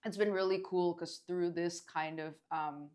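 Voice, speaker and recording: A woman's voice: fairly low pitch, fairly even intonation, a little slow, darkish tone. A woman guest, a dance event organizer, talking earnestly in a casual interview and using many filler words.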